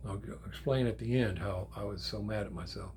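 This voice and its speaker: An older man, a grandfather, telling a story in a casual, animated way, with swearing and acted-out quotes. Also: on the low side, fairly quick, creaky, slight background noise. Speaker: channel host.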